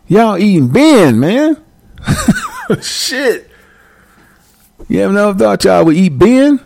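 Animated, profane man ranting on a livestream. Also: high voice, takes it slowly, creaky, long pauses, no room sound, clean studio sound. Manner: profane, laughing often, animated. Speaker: livestream host. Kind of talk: casual livestream rant.

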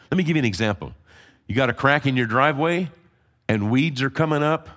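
A man preaching a conversational sermon to his congregation, swinging between quiet asides and loud emphatic peaks, teasing the crowd. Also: on the low side. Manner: teasing the congregation, frequent fillers and restarts. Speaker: pastor. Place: church sanctuary before a live congregation.

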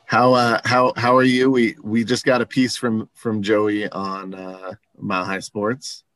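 A man's voice: fairly low pitch, flat delivery, measured pace, a bit bright, no echo. A man hosting a casual sports podcast, a friendly, easygoing interviewer. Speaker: podcast host.

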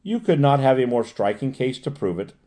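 A man reading the part of a polite, learned professor in an audiobook, gentle and formal. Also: medium pitch, big pitch swings, fairly quick, natural voice. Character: courteous learned male professor.

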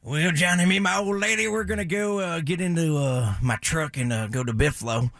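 A man's voice: high-pitched, fast, pushed and bright, husky, no echo, clean studio sound, exaggerated voice. A man voicing a dim-witted, boastful redneck trucker who drawls and halts with many uhs.

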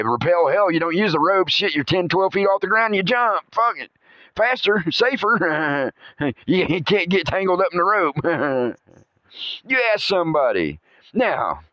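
A man's voice: on the high side, dry recording. A man rambles through a comedic monologue, his voice swooping up and down as he laughs and curses his way along. The sound is dry and slightly muffled, like a home podcast recording. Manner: rambling storyteller, laughs often, curses, hums movie music. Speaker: podcast host.

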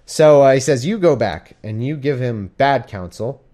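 A man's voice: mid-range voice, lively intonation, normal speed, warm tone, pitched above the performer's own voice, close to an everyday voice. A man voicing an exasperated ancient male king who talks in blunt modern slang, casual and fatalistic. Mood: scheming.

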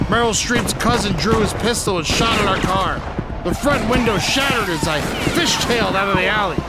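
Deadpan mock-heroic storyteller, man, high voice. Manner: mock-dramatic, deadpan narration with sudden shouts. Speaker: guest preacher telling a comic story. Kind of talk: deadpan comic storytelling over music. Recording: music bed behind the voice.

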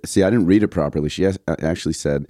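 A man's voice: low-pitched, fast, dark tone, no room sound, studio quality. A man hosting a podcast, chatting playfully, laughing often and poking fun at himself. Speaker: podcast host. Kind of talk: casual chat.

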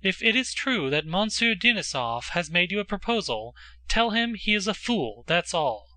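A man voicing a sharp, sarcastic middle-aged countess mother. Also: high-pitched, very animated, normal speed, no room sound, heavily acted.

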